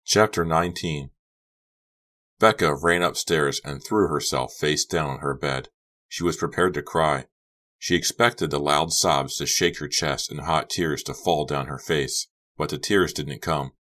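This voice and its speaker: A man narrating an audiobook in a steady, dramatic reading. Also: a bass voice, a little slow.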